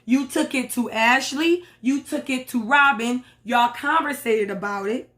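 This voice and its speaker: A woman's voice: fairly high pitch, unhurried, a bit bright. A woman recapping reality TV in a blunt, sassy, profane commentary. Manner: sassy, blunt, swears a lot. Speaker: reality TV reviewer.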